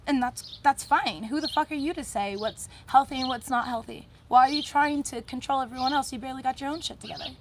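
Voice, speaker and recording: A woman hosting a casual mindset talk, blunt and chatty, swearing freely and filling pauses with ums. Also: high-pitched, noisy background. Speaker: host.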